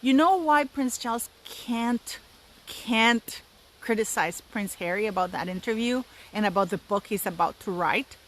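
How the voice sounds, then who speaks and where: A woman's voice: fairly high pitch, a little slow, a bit bright, poor audio. A woman in her fifties hosting a solo commentary channel, talking in an emphatic, indignant way and repeating words for stress. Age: 50s.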